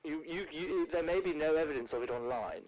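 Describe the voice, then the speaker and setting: For a comedic celebrity impression, a man raises his voice above its natural pitch to play a posh, theatrical older English actress, drawling unhurriedly and calling everyone "darling" and "dear." The plummy performance is grandly theatrical, though the audio quality is poor.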